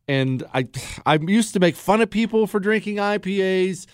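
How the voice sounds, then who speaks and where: A male talk show host with a lively, swinging delivery, tossing off sarcastic jokes and teasing his producer. His voice is dry and close, recorded on a studio microphone with no room around it. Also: sits high, moderate pace, clear, resonant tone, no echo. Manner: sarcastic, joking banter with producer. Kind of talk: talk radio monologue.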